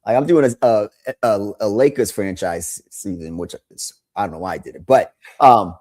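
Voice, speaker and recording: A man co-hosting a sports podcast, excitable in casual chat, often restarting his sentences. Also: fairly low pitch, normal speed. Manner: excitable, lots of restarts and laughter. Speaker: podcast co-host.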